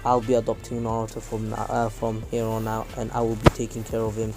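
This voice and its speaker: A man voicing a protective adult ninja mentor in a fan story, quiet, low and firm. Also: monotone, fairly quick, music in the background, natural voice.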